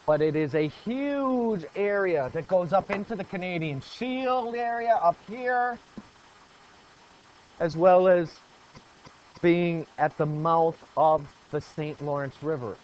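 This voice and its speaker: A male teacher with a rather high voice runs a classroom lesson. He keeps quizzing the students and repeats the key points. The recording is muffled and lo-fi. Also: animated, slow, pauses often, a little mellow, clear, resonant tone. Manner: asks the class questions and praises answers.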